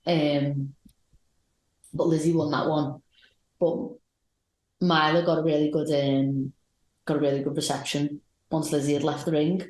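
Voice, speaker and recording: Low-voiced woman, roomy sound. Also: little pitch movement, unhurried, long pauses, darkish tone. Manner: rambling, enthusiastic match recaps. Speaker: podcast co-host. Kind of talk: casual podcast chat.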